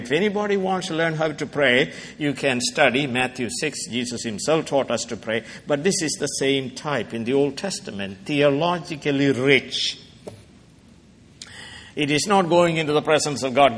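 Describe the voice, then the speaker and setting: A man preaching a sermon in a church, impassioned, swinging from hushed asides to soaring lines and asking the congregation questions. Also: mid-range voice, big pitch swings, unhurried, long reverb tail. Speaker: pastor.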